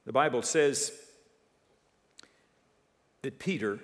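A man's voice: medium pitch, takes it slowly. A male pastor preaching a sermon, telling stories with animation and calling out to his congregation. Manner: animated storytelling, calls out to congregation. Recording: long reverb of a large hall.

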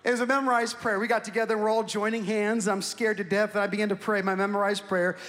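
A young man preaching as a pastor, telling a story with self-mocking humor in an animated way. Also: sits high, fast talker. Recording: long hall reverb.

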